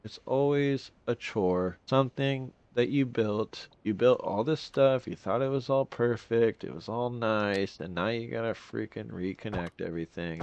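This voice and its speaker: A man's voice: fairly low pitch, unhurried, vocal fry, darkish tone, no echo, lo-fi sound. A young man giving casual gameplay commentary, rambling and complaining in exasperation as he plays.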